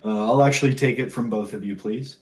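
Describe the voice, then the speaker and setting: A man narrating as dungeon master in a tabletop game, with a relaxed, descriptive manner and frequent fillers. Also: fairly low pitch, brisk, soft background music.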